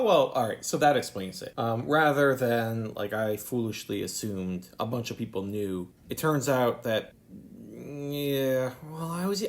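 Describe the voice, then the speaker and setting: Male TV reviewer, casual solo vlog, wry and rambling, mid-range voice. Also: medium pitch. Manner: rambling, sarcastic, self-questioning; mimics characters in quick put-on voices.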